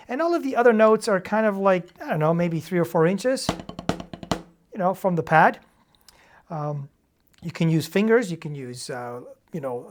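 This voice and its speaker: A woman with a slightly low voice leads a drum lesson. She talks casually and explains step by step, calling out rights and lefts and counting beats. She keeps checking that the listener is following. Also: darkish tone. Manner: casual and encouraging, with fillers and check-ins. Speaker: drum teacher. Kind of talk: instructional demonstration.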